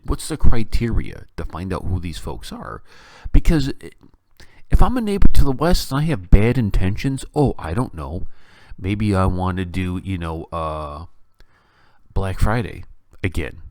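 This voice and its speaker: A man hosting a talk show, giving opinionated political commentary in an animated, sarcastic and incredulous way. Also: sits low, moderate pace. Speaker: podcast host.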